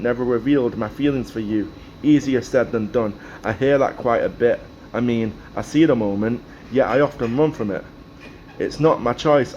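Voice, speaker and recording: A man performing spoken word poetry in a measured, rhythmic delivery, as a guest poet. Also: medium pitch, a little mellow, a little hiss or hum, poor audio.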